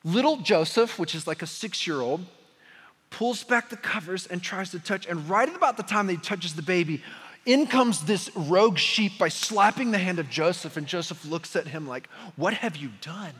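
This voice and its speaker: Bright, husky-voiced young male preacher. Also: high-pitched, expressive, moderate pace, long reverb tail. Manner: storytelling, rising to impassioned preaching. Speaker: pastor. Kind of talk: sermon.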